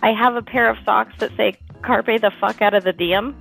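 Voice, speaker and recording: A woman's voice: medium pitch, steady tone, normal speed, creaky, fairly bright tone, soft background music, low-quality recording. A woman co-hosting a podcast, chatting casually and laughing often as she tells stories. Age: adult with a school-age son. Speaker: podcast co-host. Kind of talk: casual chat.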